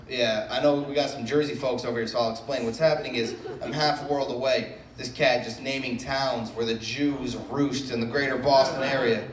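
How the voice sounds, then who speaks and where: A man's voice: mid-range voice, fairly even intonation, brisk, few pauses, slight background noise. A man from the Boston area doing a stand-up comedy set, loose and self-mocking, riffing with the crowd. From Brookline, Massachusetts. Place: comedy club stage. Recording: echoey room from a distant mic, faint crowd ambience.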